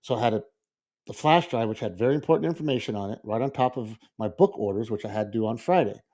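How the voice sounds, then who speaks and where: A school librarian chats casually on a podcast, telling an animated story and acting out his own reactions. He talks at a quick pace in a mid-range voice.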